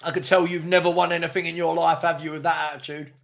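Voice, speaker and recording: Exasperated high-voiced fan host. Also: male voice, level tone, fast talker, gravelly, a bit bright. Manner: exasperated, laughing, reading chat aloud. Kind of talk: live match watchalong commentary.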